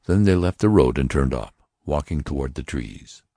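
Male audiobook narrator, very low voice, steady measured delivery, dry booth sound. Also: no room sound.

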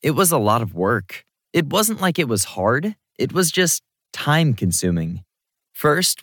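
A man reading a first-person story aloud as an audiobook narrator, in a lively, wry storytelling manner. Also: medium pitch, no room sound, clean studio sound.

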